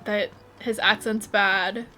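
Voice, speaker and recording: A woman's voice: mid-range voice, steady tone, slow pace, sharp tone, soft background music. A woman streaming a video game, chatting casually and bubbly as she plays. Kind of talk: casual gameplay chat.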